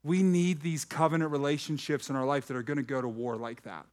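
A man's voice: on the high side, brisk. A man preaching a sermon to a live congregation. He shifts between reading scripture and joking with the crowd. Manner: animated preaching with jokes to the congregation. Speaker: pastor. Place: church hall with a live congregation.

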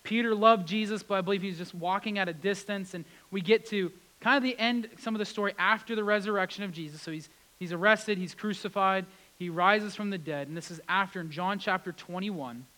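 A man preaching a sermon, repeating key words for emphasis and swinging between loud, raised passages and hushed, quiet ones. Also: high-pitched, a little fast, poor audio.

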